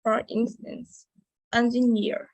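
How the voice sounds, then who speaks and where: A young woman giving a halting class presentation as a student. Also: on the high side, flat delivery, darkish tone, no room sound, rough recording. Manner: slow, halting, with fillers. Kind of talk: class presentation on English word stress.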